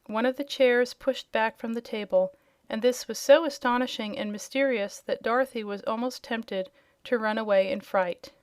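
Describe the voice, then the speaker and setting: A woman narrating a storybook in a clear, even read-aloud manner. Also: a little high, moderate pace, no echo. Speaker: audiobook reader.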